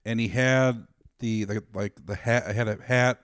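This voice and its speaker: A man's voice: on the low side, steady tone, measured pace, fairly bright tone, clear, resonant tone, no room sound, studio quality. A man co-hosting a podcast in an easygoing, chatty way, often repeating himself as he tells a story. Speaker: podcast co-host. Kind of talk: casual chat.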